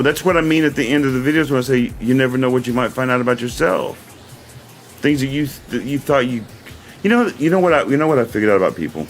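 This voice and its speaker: A man's voice: mid-range voice, quick pace, faint music behind. A man hosting his own livestream, talking in an earnest, rambling way and often repeating himself. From United States. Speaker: livestream host. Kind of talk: casual livestream talk.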